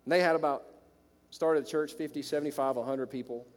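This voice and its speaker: A man with a Southern American accent preaching a sermon to his congregation, shifting from loud exclamations to quiet storytelling. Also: on the high side, steady tone, fast. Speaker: pastor. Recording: long reverb of a large hall.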